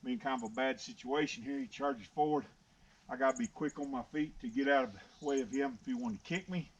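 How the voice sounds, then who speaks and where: A man's voice: medium pitch, brisk. A middle-aged man training a horse, talking in a plain-spoken, drawling way and murmuring soothingly to the animal in an outdoor pen. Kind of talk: casual explaining while working. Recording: dull lo-fi outdoor audio with noise.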